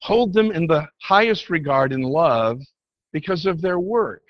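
A man delivers a sermon in an earnest preaching manner, his voice a little high for a man. He leans into quoted scripture, slowing down and lifting his pitch for emphasis. The sound is dull and lo-fi, dry and close. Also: animated, dry recording.

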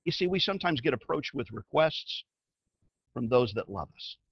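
A man preaching a sermon as a pastor. He tells the story in an animated way and swings from loud to hushed. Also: medium pitch, moderate pace, vocal fry, husky, no room sound, dull audio.

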